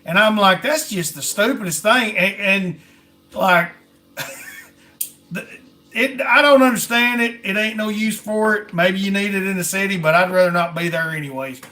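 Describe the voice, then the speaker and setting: A man's voice: high voice, normal speed, bright, forceful tone, soft background music. A man in casual podcast chat, plainspoken and folksy. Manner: plainspoken, folksy drawl, "ain't" and "I mean".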